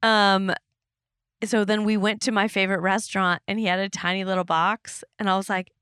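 A woman's voice: mid-range voice, little pitch movement, a little fast, fairly bright tone, clean tone, no room sound, studio quality. A woman hosting a podcast, chatting casually with a friend, rambling and laughing often. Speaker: podcast host. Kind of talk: casual chat.

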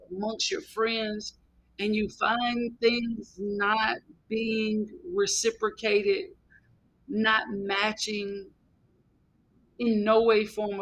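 High creaky man preaching encouragement. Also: poor audio. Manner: earnest preacherly exhortation with repetitions. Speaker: podcast host. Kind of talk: devotional podcast message.

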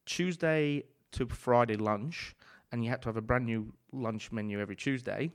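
A man from England in his forties tells rambling kitchen stories in a casual chat. He talks loosely, swears freely and laughs often, with a voice of middling pitch. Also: normal speed. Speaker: chef guest.

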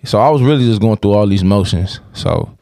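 A man's voice: lowish voice, brisk, warm tone, dry recording, studio quality. A man candidly telling a rambling personal story in casual podcast talk, with plenty of cursing.

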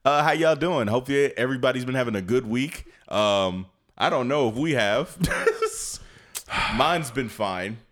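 A man's voice: mid-range voice, animated, a little slow, a bit bright. A man co-hosting a podcast, chatting casually in a goofy, joking way. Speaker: podcast co-host. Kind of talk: casual chat.

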